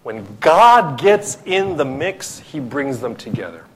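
A man preaching a sermon to a small group in a small room, swinging from emphatic, rising lists to low, soft asides. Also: slow, background noise. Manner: builds to excited, emphatic lists, then drops low and soft. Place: small room with few listeners.

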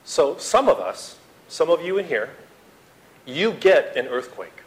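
Dramatic preaching man, loud to hushed. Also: a little high, very animated, measured pace, low-quality recording. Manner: dramatic, swings from loud to hushed, acts out quotes. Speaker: pastor. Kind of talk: sermon.

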